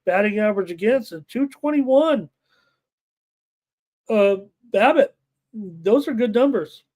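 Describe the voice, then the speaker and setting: A man's voice: high-pitched, lively intonation, slow pace, darkish tone. Man rattling off betting stats live. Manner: rattles off numbers and lineups, many filler uhs. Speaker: sports betting show host. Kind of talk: live betting analysis, reading stats and chat.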